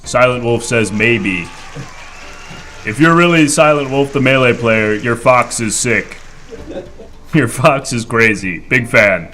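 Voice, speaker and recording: A man's voice: medium pitch, sharp tone. A man playing a hammy, man-eating mountain creature who hosts a live improv comedy stream, talking playfully and theatrically. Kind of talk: improv comedy role-play.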